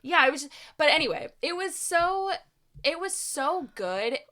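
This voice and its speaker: A young woman co-hosting a podcast, chatting casually in a rambling, animated way with lots of fillers. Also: high voice, unhurried. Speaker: podcast co-host. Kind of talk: casual chat.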